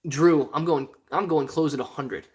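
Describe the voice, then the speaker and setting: A man's voice: on the high side, fairly even intonation, normal speed, a little mellow. A man from Ohio hosting a casual live stream, reading viewer comments aloud in a rambling, joking way and often laughing. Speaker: stock livestream host.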